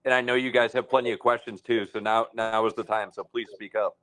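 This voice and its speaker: A man co-hosts a casual group voice chat in a fairly low voice. The sound is dry and close, and he stumbles over repeated words while he talks warmly about the team. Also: fairly even intonation, brisk, dry recording. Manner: friendly, vouching, stumbles on repeats. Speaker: co-host of a crypto voice chat.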